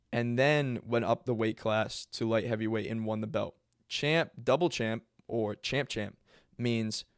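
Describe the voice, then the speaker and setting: A man's voice: medium pitch, clean tone, dry recording. Rambling casual male explainer, dry sound. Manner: rambling, self-correcting, filler-heavy. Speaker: MMA video host.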